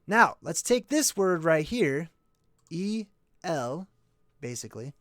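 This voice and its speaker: A man talks through a casual livestream explainer, thinking aloud and correcting himself as he goes. His voice sits a little higher than most men's. The sound is dry, with no room echo. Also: very animated, takes it slowly, fairly bright tone. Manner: thinks aloud, checks in with "right?"; rambling, self-correcting. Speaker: channel host.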